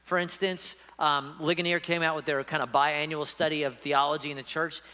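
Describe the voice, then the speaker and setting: Bright-voiced pastor preaching in a hall. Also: male voice, fairly high pitch, flat delivery, brisk. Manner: emphatic, conversational preaching with frequent "right?". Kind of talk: sermon. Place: church sanctuary.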